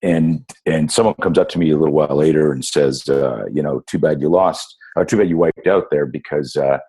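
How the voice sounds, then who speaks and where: A man in his fifties with an extremely deep voice tells stories as a podcast guest. His voice is husky, and he talks in an animated way, full of fillers and restarts. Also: brisk. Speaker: guest, self-defense instructor. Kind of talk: casual storytelling interview.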